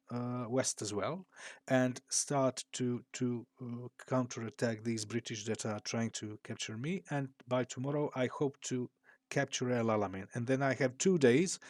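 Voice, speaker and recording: A man who develops games, thinking aloud slowly as he plays his strategy game on a live stream. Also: medium pitch, no room sound. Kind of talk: live gameplay commentary. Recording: loud game battle sounds behind.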